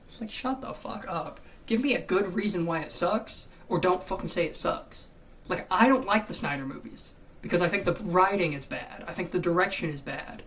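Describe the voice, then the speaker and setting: A YouTube commentator in an unscripted, exasperated rant, cursing often and repeating phrases, swinging between loud outbursts and muttered asides. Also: mid-range voice, moderate pace. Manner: profane and exasperated, with frequent cursing and repetition. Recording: slightly distant mic with faint background noise.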